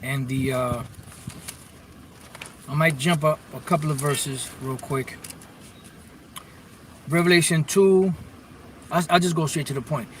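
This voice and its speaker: A man's voice: fairly high pitch, unhurried, pauses often, a bit bright. Man teaching scripture, heard from a distance. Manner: reads verses aloud, then explains word meanings with many restarts. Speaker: bible teacher. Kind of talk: informal scripture lesson. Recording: distant mic with faint vehicle noise.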